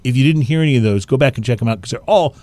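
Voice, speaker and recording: A man co-hosting a casual chat show, relaxed and rambling with a self-deprecating humor. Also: mid-range voice, rapid-fire, no echo. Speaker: podcast co-host.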